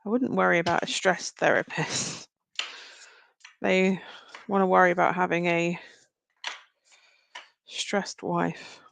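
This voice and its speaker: A woman's voice: lowish voice, flat delivery, slow pace, gravelly, long pauses, fairly bright tone, no room sound. Woman, chatty tarot reader, live stream, dry close sound. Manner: chatty, speaks straight to viewers. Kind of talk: live-stream card reading.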